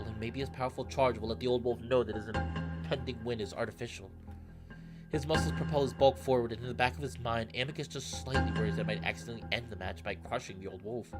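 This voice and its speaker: A man reading a visual novel aloud in steady narration, breaking into excited asides. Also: mid-range voice, fast. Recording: narration over loud game music. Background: background music.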